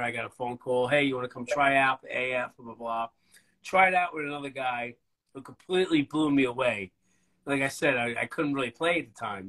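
A man, a band's bass player, telling stories in a casual, rambling, profane way during an interview. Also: rough recording. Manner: profane, rambling, animated storytelling.

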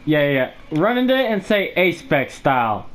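A young man in casual gaming chat, bossily directing a friend and repeating his commands fast. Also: fairly high pitch, big pitch swings, a bit bright. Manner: bossy, repeats commands rapidly.

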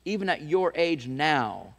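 A man's voice: on the high side, big pitch swings, measured pace, fairly bright tone. Preacher man with a long hall echo. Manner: storytelling, repeats words and restarts, rises to emphatic calls. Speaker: pastor. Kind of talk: sermon. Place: church.

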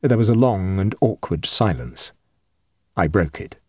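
Male audiobook narrator, husky, animated delivery, measured pacing. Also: deep voice, dry recording, clean studio sound. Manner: measured and expressive. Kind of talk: scripted narration of a ghost story.

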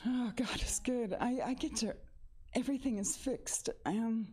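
Woman, middle-aged, warm low tone, emotional testimony close to tears. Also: unhurried, breathy edge. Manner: rambling and emotional, close to tears, laughs between sentences. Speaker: church member giving a testimony. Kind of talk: spoken testimony. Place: church sanctuary.

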